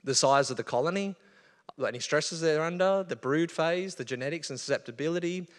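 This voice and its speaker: A man's voice: a little high, a little fast. A man with an Australian accent, giving a casual, conversational talk to an audience at a live event. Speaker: bee researcher giving a talk. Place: event hall. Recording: long hall reverb.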